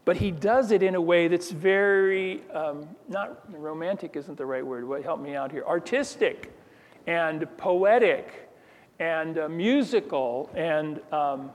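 A man's voice: fairly high pitch, measured pace, hardly any pauses. Man preaching a sermon in a reverberant hall. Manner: conversational, restarts phrases, asks the room questions. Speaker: pastor.

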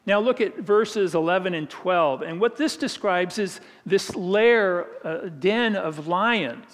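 A man with a fairly high voice preaching a sermon, conversational and vivid, with humorous asides. The recording has the long reverb of a large hall. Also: fairly bright tone.

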